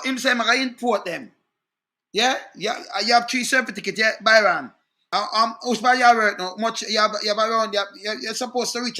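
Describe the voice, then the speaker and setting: A man's voice: sits high, bright, forceful tone. A Jamaican man giving an indignant political rant, often stopping to ask "Eh?". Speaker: online commentator.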